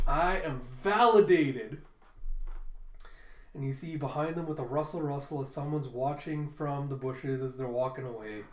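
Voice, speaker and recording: A man's voice: a little high, a little mellow. A man giving a casual, sardonic comic chapter review. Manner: sardonic, opinionated. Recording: echoey room.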